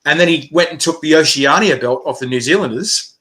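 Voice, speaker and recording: A man organizing a chili eating competition, chatting excitedly in an interview, laughing and swearing casually. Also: a little high, a little fast. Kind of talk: animated interview chat.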